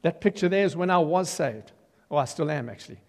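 An older man tells his story from the pulpit, animated and theatrical, acting out the voices of the people in it and rising into loud bursts of emphasis. His voice sits on the higher side. The sound rings with the long reverb of a large hall. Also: fairly quick. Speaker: preacher giving his testimony. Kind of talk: testimony sermon.

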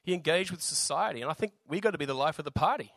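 A man with an Australian accent and a slightly raspy voice, preaching a sermon in a relaxed, jokey way with lots of fillers. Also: fairly high pitch, racing, no echo. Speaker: visiting preacher.

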